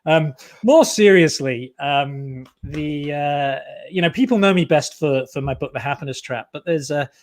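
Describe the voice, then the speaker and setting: A man, a guest psychologist and author, explaining ideas in a relaxed, chatty way with many fillers over a video call. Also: fairly high pitch, normal speed, hardly any pauses. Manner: relaxed, frequent fillers, self-deprecating humour. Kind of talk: casual explanatory interview talk. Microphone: earpiece on a video call.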